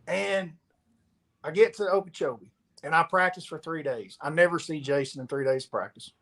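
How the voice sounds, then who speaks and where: A man's voice: a little high, normal speed. A man, a professional angler, telling a story in casual chat and acting out the dialogue as he goes. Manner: animated storyteller, acts out quoted dialogue. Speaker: pro angler guest.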